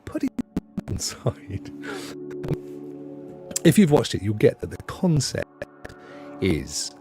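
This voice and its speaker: A man's voice: mid-range voice, huge pitch swings, takes it slowly, over music. A middle-aged man hosting a casual livestream, rambling through jokey chat and talking straight to his viewers. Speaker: livestream host.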